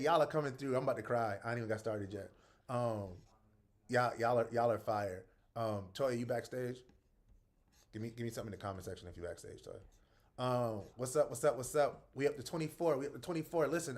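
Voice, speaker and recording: A man's voice: medium pitch, a little fast. Upbeat man greeting his stream. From North Charleston, South Carolina. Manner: upbeat, shouting out viewers by name; soft and earnest when speaking from the heart. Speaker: livestream host. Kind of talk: casual livestream greeting viewers.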